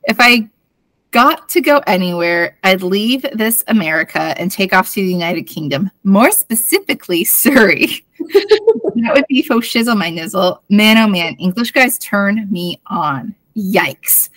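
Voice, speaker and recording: A woman's voice: mid-range voice, animated, a little slow, fairly bright tone, dry recording. A woman in her thirties co-hosting a podcast, giggling as she reads old teen notes aloud in casual chat. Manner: giggly, bubbly, laughs between lines. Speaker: podcast co-host.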